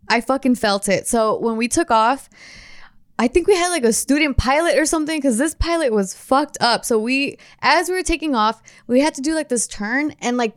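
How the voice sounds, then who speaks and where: A young woman casually telling friends an animated story, swearing often as she goes. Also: high-pitched, dry recording, clean studio sound. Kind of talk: casual chat.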